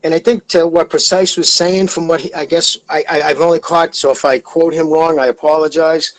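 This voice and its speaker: A man's voice: a little high, steady tone, brisk. A man calling in to a boxing podcast, rambling and swearing freely as he talks through a fight. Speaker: caller. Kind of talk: casual boxing talk. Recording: phone call-in audio.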